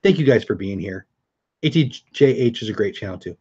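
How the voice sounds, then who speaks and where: A man's voice: lowish voice, animated, a little fast, a little mellow, slightly rough, muffled recording. A middle-aged man hosting a casual live stream, chatting upbeat with viewers and answering their comments.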